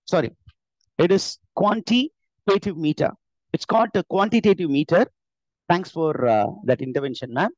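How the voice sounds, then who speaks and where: Speaking at a fairly high pitch and a moderate pace, this animated man has a slightly mellow voice and an Indian English accent. He's running a live online class, explaining things step by step with plenty of filler "uh"s and corrections of himself. The computer mic on the call yields a dull, dry recording.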